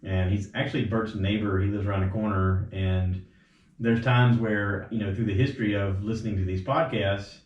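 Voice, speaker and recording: Low-ish guy rambling stories on his podcast, kinda dull echoey audio. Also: normal speed. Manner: rambling storyteller, quotes others with animated voice jumps. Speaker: podcast host. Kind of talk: casual chat. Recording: roomy, slightly dull home recording.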